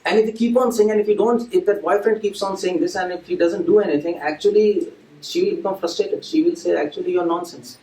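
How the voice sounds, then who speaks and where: This lecturer has a high, mellow voice and a quick pace as he addresses a live audience in a devotional lecture. The temple hall is echoey and the mic sits at a distance, picking up faint ambient sound, and his manner is conversational, with questions for listeners and small acted scenes.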